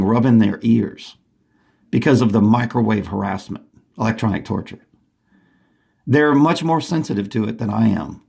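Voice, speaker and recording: Gravelly, husky man talking urgently. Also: medium pitch, a little mellow. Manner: urgent and agitated, with restarts. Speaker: vlogger. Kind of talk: rambling monologue to camera. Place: at home.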